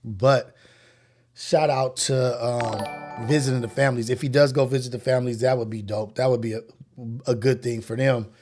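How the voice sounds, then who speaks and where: A man's voice: mid-range voice, steady tone, moderate pace, over music. A man hosting a morning podcast livestream, talking through the news in casual, slangy commentary and musing aloud. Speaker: podcast host.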